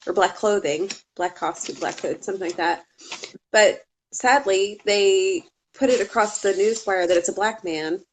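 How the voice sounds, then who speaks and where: A woman's voice: medium pitch, slight background noise. A woman co-hosting a casual true-crime chat, talkative, with laughing asides and swearing. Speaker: podcast co-host.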